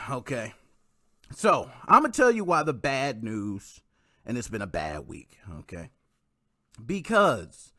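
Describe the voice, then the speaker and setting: A man chatting casually on a livestream, his pitch swooping high and low as he talks. His tone is bright and forceful, and he addresses the viewers directly. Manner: animated, talks straight to viewers and greets chat. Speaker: livestream host.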